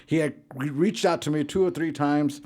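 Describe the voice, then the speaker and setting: A man's voice: fairly high pitch, normal speed, a little mellow. A man in his fifties talking reflectively in a casual chat, often checking in with his listener. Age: 50s. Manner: reflective, repeats "you know what I'm saying". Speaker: podcast co-host.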